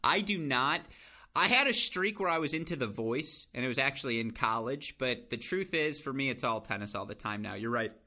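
A young man hosting a casual podcast chat, an animated storyteller. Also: medium pitch, brisk. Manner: animated storyteller, acts out quoted voices. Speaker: podcast host.

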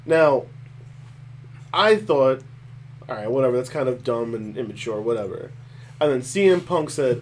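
A man co-hosting a casual podcast, talking in an animated, opinionated way and laughing often. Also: medium pitch, moderate pace, long pauses, slight background noise. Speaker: podcast co-host. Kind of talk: casual chat.

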